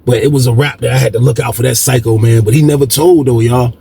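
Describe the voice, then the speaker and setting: A man's voice: medium pitch, fairly even intonation, quick pace, vocal fry, warm tone, a little hiss or hum. A man hosting a storytelling video, talking casually and profanely, acting out quoted voices and repeating "man" a lot. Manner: profane, repetitive, keeps saying "man".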